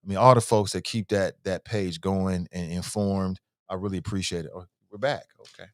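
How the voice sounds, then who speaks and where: A man's voice: sits low, fairly even intonation, normal speed, no echo, studio quality. A middle-aged man hosting a casual morning talk show, rambling along and repeating phrases for emphasis. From Cincinnati. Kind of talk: casual live-stream talk.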